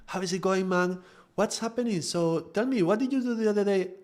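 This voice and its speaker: A man doing a grown son gone high and meek. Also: fairly quick, a little mellow, lightly acted. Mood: eager, deferential. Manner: high-pitched, eager, deferential. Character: grown man turned childlike, deferring to his mother.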